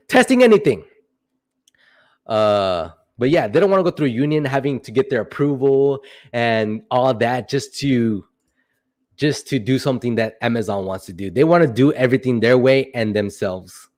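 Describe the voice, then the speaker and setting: A man's voice: mid-range voice, lively intonation, normal speed, darkish tone. A young man hosting a casual livestream, answering chat questions in a rambling, playful way with joking asides.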